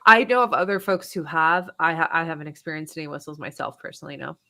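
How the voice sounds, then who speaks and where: A woman guesting on a podcast, with a bright, clear tone set a little low. She speaks casually and chattily, pausing on um and like as she recounts her research. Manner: conversational, with frequent um and like. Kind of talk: casual interview.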